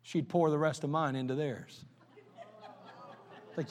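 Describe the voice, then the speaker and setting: A male pastor preaching a folksy sermon, telling stories and swinging from loud to quiet. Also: fairly high pitch, fairly even intonation, measured pace. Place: church sanctuary. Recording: long hall reverb in a church.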